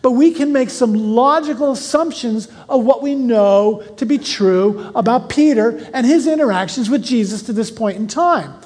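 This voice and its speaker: Bible teacher reading verses aloud; measured reading, casual asides, questions to the class, long hall reverb. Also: mid-range voice, darkish tone. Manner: reads verses slowly, then explains in a chatty way with questions to listeners.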